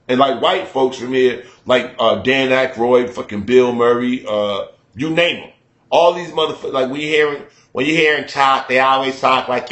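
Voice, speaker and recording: A man from Chicago hosting a loose, profane radio rant, animated and quick to slip into mock voices. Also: mid-range voice. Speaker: radio show host. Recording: roomy studio echo.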